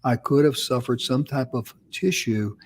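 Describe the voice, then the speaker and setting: A man's voice: medium pitch, a little slow, darkish tone. A man co-hosting a casual talk show, telling a personal story in a folksy, rambling way with restarts. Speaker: co-host.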